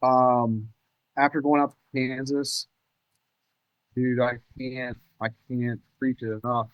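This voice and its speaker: A man guesting on a podcast, telling hunting stories in an animated, excitable way with casual cursing. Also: medium pitch, slow pace, clean tone, no room sound, lo-fi sound. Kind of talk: casual storytelling chat.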